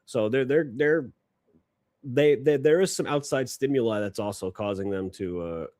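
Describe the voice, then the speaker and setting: A man's voice: medium pitch, moderate pace, no echo. A man co-hosting a political live stream, talking bluntly and casually with frequent swearing. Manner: blunt and animated, swears freely, often laughs. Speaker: co-host.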